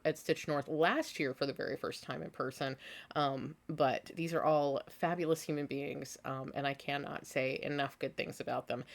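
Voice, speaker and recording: A woman with a notably deep, low voice chats casually from home, sounding worn out after a long day of work. She wanders through her thoughts with plenty of fillers and breaks into laughter easily. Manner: rambling, filler-heavy, quick to laugh. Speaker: craft vlogger host. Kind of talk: casual chatty vlog.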